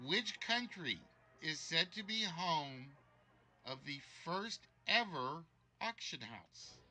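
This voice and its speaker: A man's voice: fairly high pitch, expressive, takes it slowly, bright, forceful tone. A man hosting a live-streamed trivia game show, joking and teasing the contestant.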